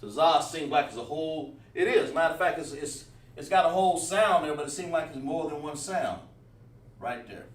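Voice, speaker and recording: A man's voice: fairly high pitch, expressive, normal speed. Guy teaching a class online, stops and restarts a lot, sounds far off in a roomy space. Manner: talks while writing on a board, many fillers and restarts. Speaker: Hebrew teacher. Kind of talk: livestream class. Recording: roomy echo, mic at a distance.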